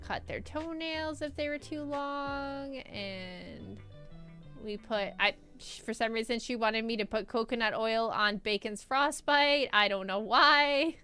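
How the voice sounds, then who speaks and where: A woman streamer chatting casually and telling stories while answering chat, animated and laughing often. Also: fairly high pitch.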